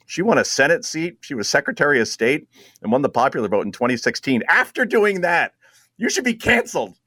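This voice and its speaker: A man hosting a radio talk show, sarcastic and quick to laugh at his own jokes while he cues up clips. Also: medium pitch, big pitch swings, pushed and bright, no room sound, studio quality. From New Jersey.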